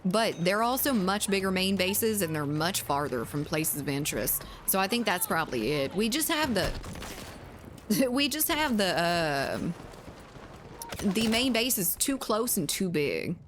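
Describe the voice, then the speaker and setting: Southern woman streamer with a lively pitch. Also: measured pace, a little hiss or hum. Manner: rambling and hesitant, with frequent fillers and casual swearing. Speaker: game streamer. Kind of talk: casual live-stream chat.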